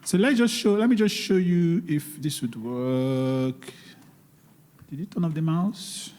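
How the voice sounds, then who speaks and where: A man with a somewhat high, darkish voice speaks slowly as a guest speaker at an investing seminar held in a church hall before a live audience. He is emphatic and pleading, repeating key words, and the large hall gives a long reverb.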